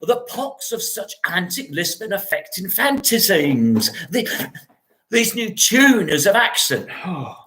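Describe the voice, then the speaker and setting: A man's voice: sits high, sing-song, slow pace, sharp tone, pitched above the performer's own voice, heavily acted. A man playing a witty, mocking young nobleman in a solo Shakespeare reading, with a theatrical delivery. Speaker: solo stage performer.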